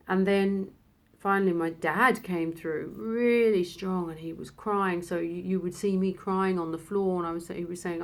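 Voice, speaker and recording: A woman in her thirties telling a personal story, halting and emotional, with many restarts. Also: lowish voice, steady tone. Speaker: vlogger.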